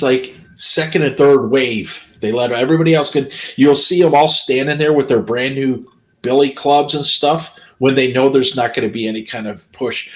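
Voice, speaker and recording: A man's voice: mid-range voice, a little mellow, low-quality recording. A man streaming a casual talk, ranting bluntly with plenty of swearing. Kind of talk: casual chat.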